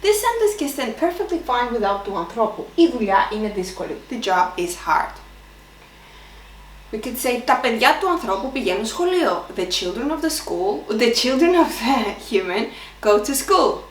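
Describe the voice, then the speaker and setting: A woman's voice: fairly high pitch, very animated, recorded from a distance, slight background noise. Woman teaching grammar. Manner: explains slowly, mixing Greek and English with fillers. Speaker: Greek language teacher. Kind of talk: online language lesson. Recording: echoey room, mic set back.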